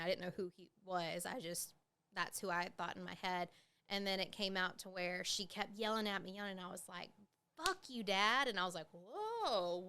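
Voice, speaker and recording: A woman's voice: on the low side, bright, forceful tone, clean tone. A woman, hosting a podcast and telling her own story candidly, with plenty of fillers and swearing. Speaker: podcast host. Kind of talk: casual personal storytelling.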